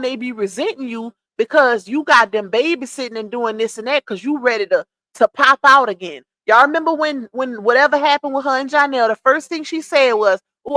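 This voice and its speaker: Woman with a high voice going off on a livestream, blunt and scolding, dry close sound. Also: a bit bright, no echo. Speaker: livestream commentator. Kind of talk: casual gossip commentary.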